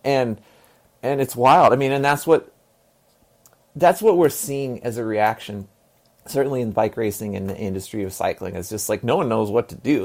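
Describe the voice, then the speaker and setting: A man's voice: medium pitch, normal speed, darkish tone. A man in his forties from the US South, talking casually as an interview guest, rambling with lots of fillers and repeated words and the odd swear. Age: 40s.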